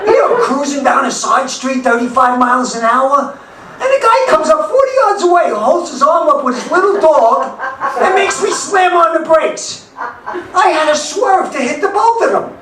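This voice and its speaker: A man, doing a blunt stand-up set in a club, with sudden loud outbursts. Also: very high-pitched, big pitch swings, moderate pace, crowd noise. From New York. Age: 70s. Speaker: stand-up comic. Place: comedy club in Denver. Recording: echoey club from far off, background noise.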